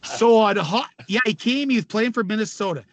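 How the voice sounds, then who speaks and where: A middle-aged man with a fairly high voice spins rowdy locker-room stories as a podcast guest, laughing and cursing as he goes. The sound is dry and close, with no room around it. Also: brisk, no echo. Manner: animated, laughing, swearing storyteller. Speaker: former hockey player, podcast guest. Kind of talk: casual storytelling.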